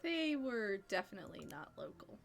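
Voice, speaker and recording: A woman streamer reading a story game aloud and chatting with viewers in a lively way, laughing between passages. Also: medium pitch, normal speed, gravelly, a little hiss or hum.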